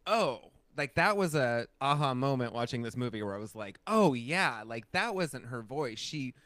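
A man's voice: mid-range voice, animated, moderate pace, fairly bright tone, no room sound. A man co-hosting a podcast in casual chat, rambling and full of fillers. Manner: chatty, rambling with many fillers. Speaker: podcast co-host.

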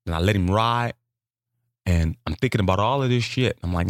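A man's voice: fairly low pitch, a little fast, dry recording, clean studio sound. A man telling a comic story as a guest on a show, swearing freely and acting out voices. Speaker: comedian guest.

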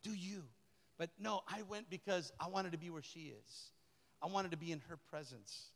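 A middle-aged man, a pastor, delivering a lively, colloquial sermon that repeats key phrases. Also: a little high, moderate pace, gravelly. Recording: long reverb of a large hall.

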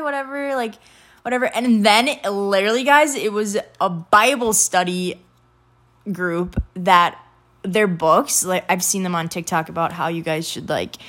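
A woman in her twenties chatting casually in a vlog, bubbly and talkative, full of "like" and "literally", jumping up high when she quotes people. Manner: animated, jumps high when quoting people. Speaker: vlogger.

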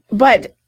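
A woman hosting a casual talk show, chatting and telling travel stories in an animated way. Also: no echo. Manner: chatty, animated storytelling with frequent laughs. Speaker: podcast host. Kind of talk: casual chat.

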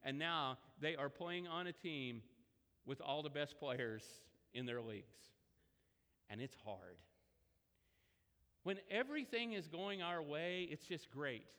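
Man, pastor, sermon, conversational storytelling, high-pitched, echoing church hall. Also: lively intonation, unhurried, pushed and bright.

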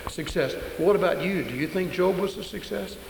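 Emphatic preacher in an echoey hall. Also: male voice, high-pitched, creaky. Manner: emphatic, slows down for stress, breaks into acted quotes. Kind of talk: sermon. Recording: echoey hall with faint hiss.

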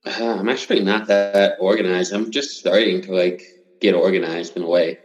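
A young man as a podcast guest, laid-back and slangy, swearing casually in relaxed chat. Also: low-pitched, moderate pace, reverberant, highs cut off.

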